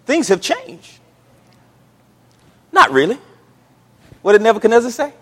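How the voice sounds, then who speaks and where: A man from the United States preaching a sermon, emphatic, swinging between loud and hushed. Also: sits high, big pitch swings, measured pace, pauses often. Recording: reverberant hall.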